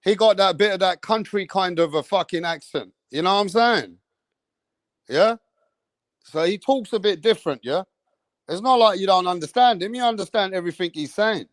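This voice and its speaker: A man hosting a live boxing stream, talking in a streetwise, slang-heavy way and keeping up a steady chat straight to the viewers. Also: high voice, normal speed, no room sound. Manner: streetwise, slang-heavy, keeps saying bro and bruv. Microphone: streaming setup mic.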